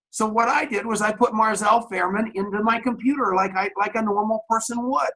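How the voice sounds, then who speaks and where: A man's voice: high-pitched, fairly even intonation, brisk, few pauses, bright, forceful tone, low-quality recording. A middle-aged man, a radio talk show host, telling a long anecdote on camera in a coffee shop and acting out both sides of the conversation. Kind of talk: storytelling on camera.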